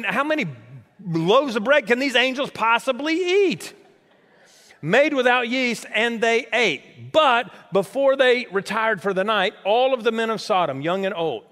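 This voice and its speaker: A man preaching a sermon, animated and questioning his congregation, in a large church hall. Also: sits high. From United States. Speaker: pastor. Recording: long hall reverb.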